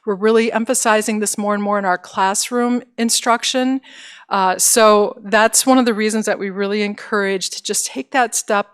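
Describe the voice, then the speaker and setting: A woman's voice: medium pitch, fairly even intonation, normal speed, smooth. A middle-aged woman presenting career services to parents in an encouraging, conversational way, with fillers and restarts.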